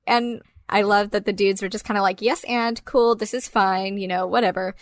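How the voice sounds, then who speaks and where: A woman co-hosting a casual film podcast, animated and quick to swear and laugh. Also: mid-range voice, no echo. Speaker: podcast co-host.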